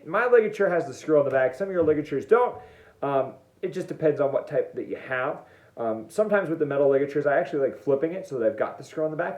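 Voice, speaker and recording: Playful man with a lively, high-ish voice. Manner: playful and jokey, demonstrating step by step. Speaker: band teacher. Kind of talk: online music lesson. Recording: echoey room, dull lo-fi sound.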